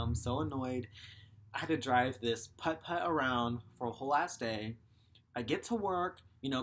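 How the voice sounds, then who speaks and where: A man's voice: mid-range voice, fairly bright tone, a little hiss or hum. Young man, vlogger, frustrated profane rant, rambling, casual talk. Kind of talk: ranting vlog.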